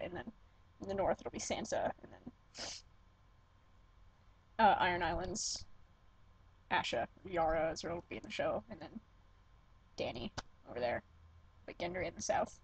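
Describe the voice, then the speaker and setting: Recorded on a computer webcam mic, this rough clip catches a young vlogger at home talking casually, rambling with gushing enthusiasm, profanity and constant self-interruptions. She speaks at a moderate pace in a lowish, creaky voice, pausing often, with some hiss or hum in the background.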